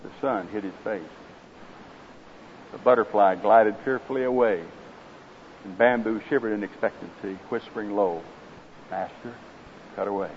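A man's voice: on the low side, moderate pace, pauses often. A man with an Oklahoma accent preaching a sermon, folksy and conversational, then reading a parable aloud. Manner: folksy, conversational and direct with listeners. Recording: slightly dull with faint hiss.

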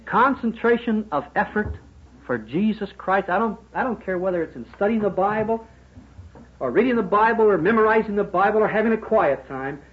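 High, lively man preaching emphatically. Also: brisk. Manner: emphatic, rhetorical questions, swings between loud and quiet. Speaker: preacher addressing businessmen. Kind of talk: sermon. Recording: dull lo-fi sermon recording.

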